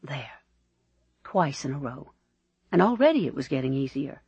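A man reading an audiobook aloud in an expressive, measured storytelling manner, in a dry, slightly dull recording. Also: medium pitch, vocal fry, slightly rough, no echo. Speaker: audiobook narrator. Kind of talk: scripted narration.

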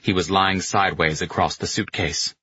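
Deep husky male audiobook narrator. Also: normal speed, no echo, dull audio. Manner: steady storytelling, voicing characters in dialogue. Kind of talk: scripted narration.

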